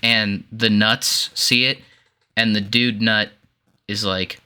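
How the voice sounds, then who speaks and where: A man co-hosting a podcast joins in casual conversation, animated, swearing freely, and laughing a lot. His mid-range voice is smooth and moves at a normal speed.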